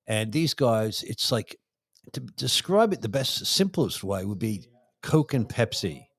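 A man's voice: fairly low pitch, big pitch swings, unhurried, vocal fry, husky. A man co-hosting a live podcast, rambling and making cheeky jokes. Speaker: podcast co-host. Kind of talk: casual live podcast banter. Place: small side room at a political event.

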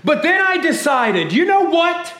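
A man preaching as pastor, emotional, calling his congregation family and swinging from hushed grief to shouted praise. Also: very high voice, sing-song, unhurried, roomy sound. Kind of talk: sermon. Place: church sanctuary.

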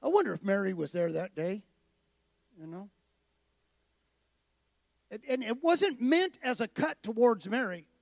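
High, gravelly-voiced male preacher. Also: animated, unhurried, long pauses, darkish tone, no room sound. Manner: conversational preaching, rising to emphatic declarations. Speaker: pastor. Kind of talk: sermon.

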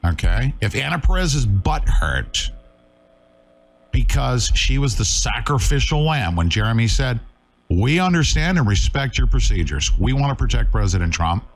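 A man's voice: mid-range voice, very animated, normal speed. A middle-aged man hosting a live talk show, talking urgently and emphatically, scolding his viewers.

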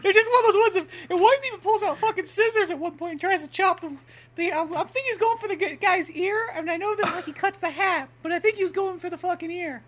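A woman's voice: very high voice, quick pace, a bit bright. A woman giving crude, joking commentary while watching a film, swearing constantly and mocking the characters. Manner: profane, mocking, does silly voices.

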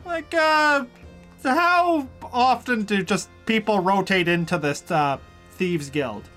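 A woman's voice: medium pitch, animated, slow, a bit bright, faint music behind. A woman playing a tabletop game who keeps asking curious questions. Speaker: player. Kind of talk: casual tabletop play.

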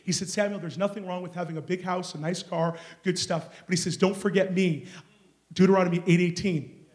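Male preacher, high voice, storytelling sermon with hushed and loud swings. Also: fairly even intonation, fast talker. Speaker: guest preacher. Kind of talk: charismatic sermon. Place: church sanctuary.

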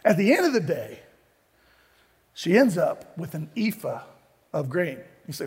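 Chatty playful pastor guy, kinda high voice, long church-hall echo. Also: very animated, moderate pace, long pauses, slightly rough. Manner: conversational, playful storytelling with asides. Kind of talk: sermon.

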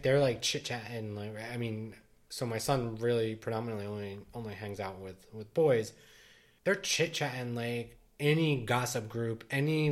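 Rambling dad podcaster. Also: male voice, medium pitch. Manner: rambling, many restarts and "like" fillers. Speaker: podcast co-host. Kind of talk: casual chat.

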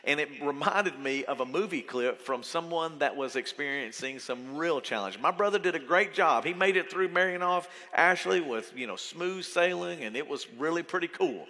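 A man preaching a sermon to his church, conversational and animated as he tells stories. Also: on the high side, moderate pace, few pauses. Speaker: pastor. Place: church auditorium. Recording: reverberant hall.

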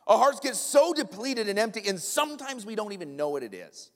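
A man's voice: high-pitched, sing-song, moderate pace, big-room sound. A man pastor preaching a sermon in a church, emphatic and repeating his key lines. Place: large church sanctuary.

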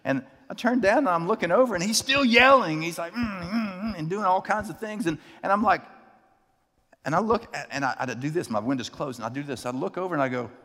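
Male pastor, sermon with storytelling, animated, slightly high voice, reverberant hall. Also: quick pace. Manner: animated, acts out characters in his story.

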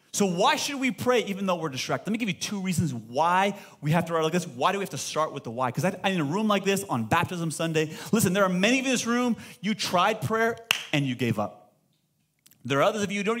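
High-voiced preaching pastor, emphatic. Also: male voice. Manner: lively, emphatic preaching with rhetorical questions to the congregation. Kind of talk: sermon. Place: church service before a live congregation.

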